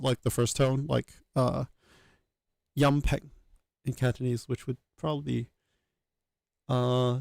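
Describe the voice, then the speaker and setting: A man's voice: medium pitch, gravelly, darkish tone, no echo. A man thinking aloud as he works, hesitant, with many fillers and self-corrections. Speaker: channel host working through a reconstruction. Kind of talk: thinking aloud while working.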